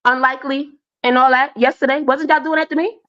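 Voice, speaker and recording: A brash woman pushing back hard in a live panel debate, taunting and laughing at the other side. Her voice sits high. The audio is dull and lo-fi, like a compressed stream. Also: fairly even intonation, a little fast, fairly bright tone.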